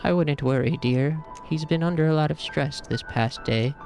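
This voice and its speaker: A man voicing a gentle middle-aged mother who speaks softly and reassuringly. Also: on the high side, normal speed, gravelly, soft background music, voice pushed up. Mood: soothing.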